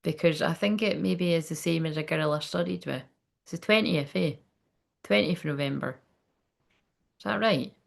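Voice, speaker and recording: A woman's voice: sits low, moderate pace, gravelly, pauses often. A woman medium chatting casually during a live reading, rambling, laughing often and swearing freely. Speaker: psychic medium.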